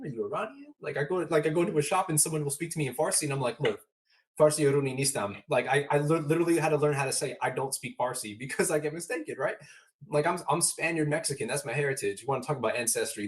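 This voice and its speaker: Earnest man telling stories as a podcast guest. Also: medium pitch. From Southern California, US. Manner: earnest storyteller who acts out remembered exchanges. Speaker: guest, motivational speaker. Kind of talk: candid podcast conversation.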